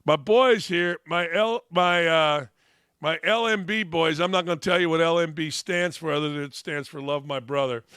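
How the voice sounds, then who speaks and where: A middle-aged male sports talk host riffs with mocking sarcasm, breaking into loud shouted bursts. His voice sits high and bright. The studio sound is close and dry. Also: moderate pace, clear, resonant tone, no echo.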